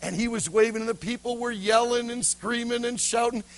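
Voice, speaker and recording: Male preacher, dramatic storyteller, high voice, gravelly and husky. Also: fairly even intonation, brisk, low-quality recording. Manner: dramatic, swinging from shouts to near whispers. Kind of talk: sermon storytelling.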